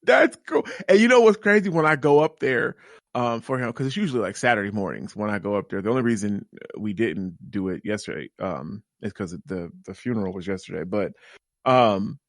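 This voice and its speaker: A man, co-hosting a gaming podcast in casual chat, animated and profane, telling stories with lots of enthusiasm. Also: on the low side, a little fast, no echo, studio quality. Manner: animated, profane, excitable storyteller. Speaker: podcast co-host.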